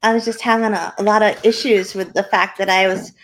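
A woman's voice: mid-range voice, steady tone, fairly quick. A woman co-hosting a live podcast in casual chat, giggly and chatty, drifting off topic. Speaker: podcast co-host.

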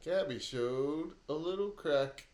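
A man's voice: fairly high pitch, takes it slowly, a little mellow. A man co-hosting a podcast in easygoing casual chat. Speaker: podcast co-host. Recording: echoey room.

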